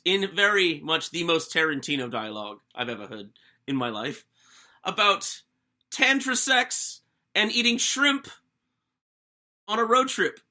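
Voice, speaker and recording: A man voicing a young British man in a jokey, deliberately bad British accent, retelling a wild night in the first person. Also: sits high, bright, forceful tone, full character voice. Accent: bad put-on British. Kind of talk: comedic first-person plot recap.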